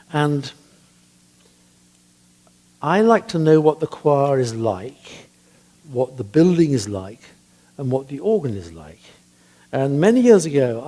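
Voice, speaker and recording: An older man with a husky voice, a church composer telling chatty anecdotes about music, hesitant with frequent ums. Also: mid-range voice, darkish tone. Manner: chatty, hesitant with many ums, laughs at his own stories. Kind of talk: anecdotal talk.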